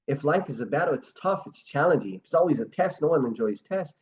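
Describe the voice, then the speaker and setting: A man's voice: fairly high pitch, expressive, fast, darkish tone, muffled recording. A man hosting an online motivational talk, telling stories earnestly and acting out quotes. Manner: earnest, storytelling, acts out quotes. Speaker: host.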